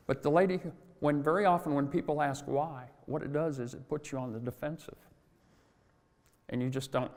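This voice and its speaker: A man's voice: medium pitch, darkish tone. Chatty man in a hall. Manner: chatty, self-deprecating, laughs at own jokes. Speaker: speaker at a convention. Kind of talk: conference talk with anecdotes. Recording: long hall reverb.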